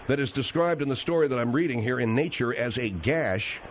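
A man's voice: mid-range voice, a little fast, a little hiss or hum. Insistent male talk radio host. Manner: patient, insistent, with many fillers.

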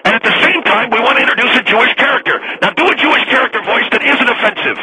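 A man's voice: extremely high pitch, rapid-fire, bright, forceful tone, breathy edge, pitched above the performer's own voice, exaggerated voice, low-quality recording. A man voicing a pushy radio executive who keeps cutting others off. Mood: lecturing. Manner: overbearing, keeps cutting people off.

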